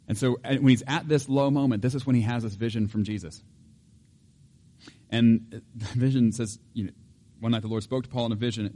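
A middle-aged pastor preaching a sermon in an animated, joking way, acting out voices and laughing often. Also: male voice, lowish voice, a little fast.

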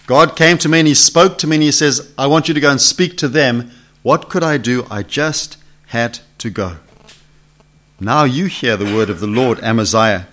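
A man's voice: mid-range voice, moderate pace, fairly bright tone. A man teaching a Bible study to a gathered group, conversational, asking questions and acting out the voices in the text. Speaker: preacher. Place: meeting room with a live group.

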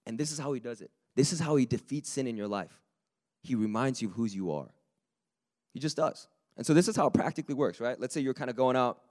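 Delivering a sermon at a quick pace, a man speaks in a mid-range, slightly raspy voice. His delivery is lively and conversational, rising to emphatic peaks.

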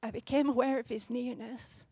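A woman in her thirties preaching a sermon in an earnest, gently conversational way, with fillers here and there. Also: fairly high pitch, steady tone, normal speed, vocal fry, no room sound.

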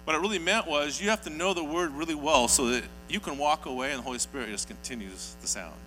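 A man's voice: a little high, fast talker, pushed and bright. A man preaching a sermon, telling stories earnestly and building to emphatic peaks. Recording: hall reverb with faint mains hum.

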